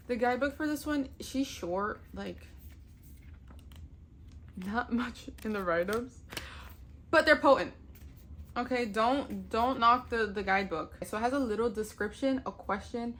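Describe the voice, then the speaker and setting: A chatty young woman talks casually into her camera, gushing with delight and swearing freely. Her voice sits at an ordinary middle pitch. A faint hum of room noise runs underneath. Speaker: tarot vlogger. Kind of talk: casual chat.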